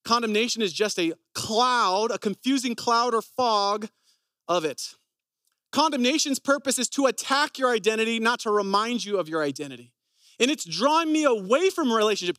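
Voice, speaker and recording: A man's voice: very high voice, expressive, moderate pace, sharp tone, no echo, clean studio sound. A man preaching a sermon, telling personal stories in an earnest, conversational way.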